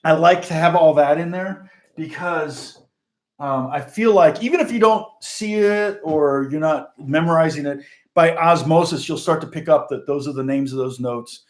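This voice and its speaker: A man's voice: fairly high pitch, moderate pace. Chatty middle-aged man with a raised voice. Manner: rambling and chatty, laughs often. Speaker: guitar teacher and channel host. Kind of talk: casual livestream chat.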